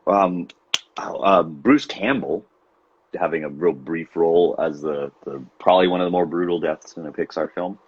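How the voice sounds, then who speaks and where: A man's voice: low voice, normal speed, slightly rough, no echo. A man co-hosting a podcast in casual chat, rambling with restarts and laughing often. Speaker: podcast co-host. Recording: dull lo-fi sound.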